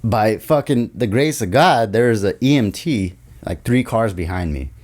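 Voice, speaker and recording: A man talking as a podcast guest in a studio, telling a story in casual, profane, animated chat. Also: fairly low pitch, moderate pace. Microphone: studio podcast mic.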